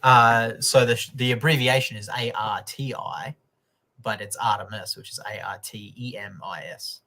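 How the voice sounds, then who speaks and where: A man's voice: fairly low pitch, steady tone, moderate pace, bright, forceful tone. A man with an Australian accent, co-hosting a news comedy livestream in casual chat, joking and swearing freely.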